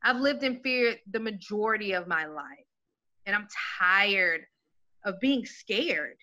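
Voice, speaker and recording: A woman and mother in casual chat, animated and laughing, swearing freely and acting out her own reactions in quoted asides. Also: mid-range voice, takes it slowly.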